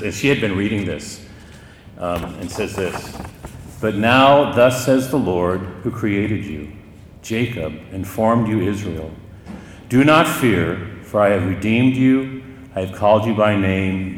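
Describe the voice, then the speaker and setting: Brief: middle-aged male priest, low voice, chatty sermon storytelling, long church reverb. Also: slight background noise. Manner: conversational storytelling with chuckles.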